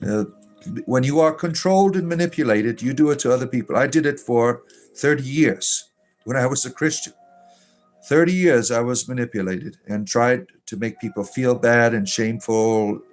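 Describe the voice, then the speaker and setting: Man, livestream host, put-on Irish-sounding lilt, sardonic and irreverent, mid-pitched voice, faint music behind. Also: normal speed. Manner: puts on a lilting Irish-sounding fantasy accent. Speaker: livestream host reading viewer chat. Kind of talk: casual livestream chat.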